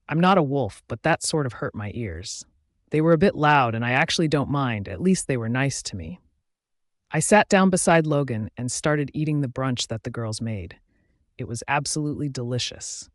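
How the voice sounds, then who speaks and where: A man reads a first-person audiobook in a casual, conversational manner. His pitch sits in the middle, and the recording is close and dry. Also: no echo. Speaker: audiobook narrator.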